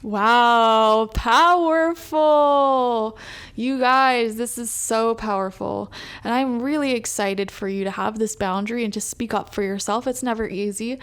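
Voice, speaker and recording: A woman's voice: on the high side, a little mellow. A young woman giving a pick-a-card tarot reading to viewers, chatty and emphatic, getting worked up as she talks. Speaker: tarot reader.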